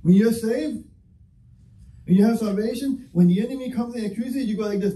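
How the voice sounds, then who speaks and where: A pastor with a high voice preaches to his congregation, moving between plain talk and acted-out back-and-forth. He sounds set back from the mic in an echoey church hall, with faint ambience behind him. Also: brisk, dark tone, far from the mic, slight background noise. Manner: impassioned, conversational preaching with acted-out dialogue. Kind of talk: sermon. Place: church sanctuary.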